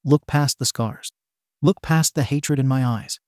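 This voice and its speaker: A man's voice: medium pitch, a little slow, darkish tone, no echo, clean studio sound, lightly acted. A man voicing a bitter, scarred young male villain confronting his father in a fan fiction reading, menacing and accusing.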